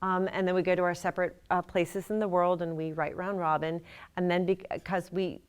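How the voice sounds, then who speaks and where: A woman's voice: on the low side, level tone, moderate pace, clean tone. A middle-aged woman author giving a casual, chatty talk to a library audience, self-deprecating and laughing at her own jokes. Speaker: author speaking at a library event.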